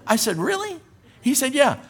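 An older man preaching a sermon, telling folksy stories with humor and rising to forceful emphasis on scripture. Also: medium pitch, big pitch swings, moderate pace. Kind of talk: sermon with storytelling.

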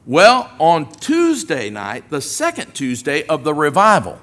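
A man's voice: a little high, unhurried, hardly any pauses. A man preaching a sermon as a storyteller, acting out the dialogue as he tells his story. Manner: animated storyteller who acts out dialogue.

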